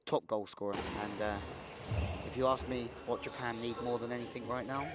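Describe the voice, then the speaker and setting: A man's voice: mid-range voice, fairly even intonation, a little fast, heavy background noise. A man doing chatty live sports commentary, calling the play and joking with his co-commentator.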